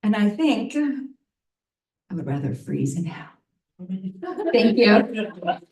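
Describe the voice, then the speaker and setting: A woman's voice: mid-range voice, big pitch swings, extremely slow, darkish tone. A woman tells a frank, bawdy story to a live audience, laughing now and then at her own jokes. Her voice sits in the middle range. She is picked up from some distance, in a roomy, echoing venue. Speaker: storytelling performer.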